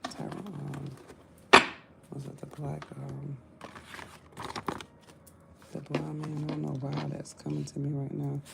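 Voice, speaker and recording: A woman's voice: low-pitched, monotone, takes it slowly, gravelly, long pauses, heavy background noise. A woman giving a casual live tarot reading, blunt and talkative, cussing and joking to her viewers. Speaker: tarot reader.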